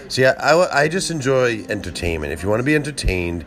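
A man's voice: lowish voice, very animated, fast talker, hardly any pauses, faint music behind. A man in his thirties talking in a rambling solo monologue, profane and interrupting himself constantly.

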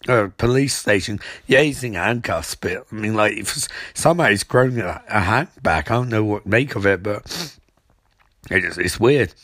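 A man's voice: medium pitch, no echo. A man giving a comic, rambling recap of a TV episode, stammering, swearing and sarcastic. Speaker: show recapper.

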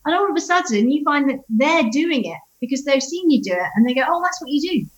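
High lively woman storyteller. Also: quick pace. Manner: animated storyteller acting out quotes. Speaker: divorce coach, guest. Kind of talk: conversational interview. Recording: slightly dull lo-fi sound.

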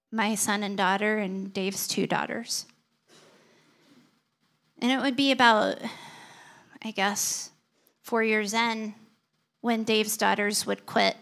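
A woman's voice: medium pitch, fairly bright tone. A woman pastor preaching a sermon, telling personal stories in an earnest way.

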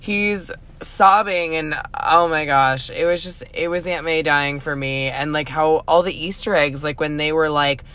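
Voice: mid-range voice, measured pace, few pauses, sharp tone. A young adult co-host gushing casually about a film, with lots of fillers and restarts. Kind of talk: casual movie review chat.

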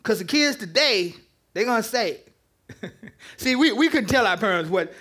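A man preaching a lively, conversational sermon to a congregation, joking with the crowd as he teaches. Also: high-pitched, a little slow. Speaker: pastor. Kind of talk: interactive sermon. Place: church with live congregation.

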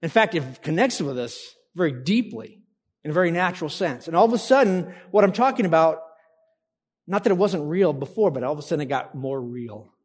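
A male pastor delivers a sermon, drawing answers from the congregation with questions. His voice sits high for a man. It rings out with the long reverb of a church hall. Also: lively intonation, brisk, slightly rough. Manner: interactive, asks congregation to call out answers.

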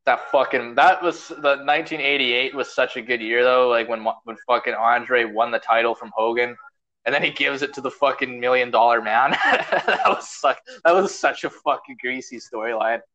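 This recording is muffled, but the young man's mid-range voice comes through pushed and bright at a normal speed. He hosts a podcast and rambles casually, heavy on profanity and filler words.

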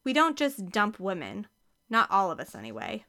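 A woman's voice: medium pitch, huge pitch swings, moderate pace, pushed and bright, heavily acted. A woman voicing Kevin, a nervous divorced professor who talks hesitantly and defensively.

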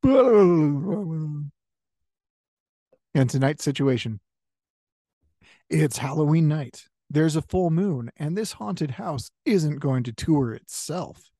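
A man's voice: a little high, animated, takes it slowly, pauses often, warm tone, no room sound, studio quality. A man hosting a comedy improv game, joking and laughing often between lines. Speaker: host of a comedy game show.

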